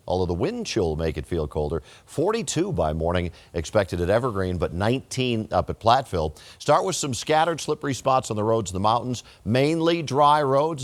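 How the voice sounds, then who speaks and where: Man, TV weather forecaster, lowish voice, easygoing conversational delivery, studio lapel mic. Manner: relaxed, conversational delivery with casual phrasing. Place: television studio.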